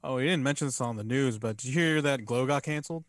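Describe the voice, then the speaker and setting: A man talking casually as a podcast co-host, blunt and sarcastic with loose swearing. His voice sits at an ordinary pitch. The recording is dry, with little room sound. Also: fast talker, no room sound. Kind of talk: casual chat.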